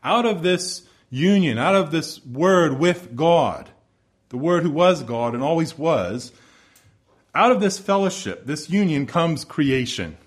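Man preaching, kinda high voice, builds up loud then goes quiet and low. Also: lively intonation, measured pace. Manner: emphatic, swelling and dropping to hushed low phrases; repetitive rhetorical build-ups. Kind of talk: sermon.

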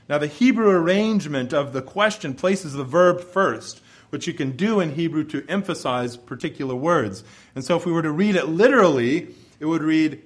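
A male preacher delivering an expository sermon in a measured, emphatic way, his voice dropping low at the ends of phrases. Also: lively intonation.

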